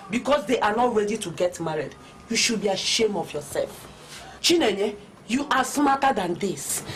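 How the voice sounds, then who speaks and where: A woman's voice: fairly high pitch, slight background noise, lightly acted. An actress with a Nigerian accent playing a stern middle-aged mother who lectures her grown daughter. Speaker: film actress. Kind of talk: Nollywood film acting.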